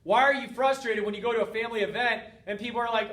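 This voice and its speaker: A man hosting a motivational talk, speaking directly to his listeners in an energetic, coaching way. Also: very high voice, fast talker. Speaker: host. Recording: roomy, distant from mic.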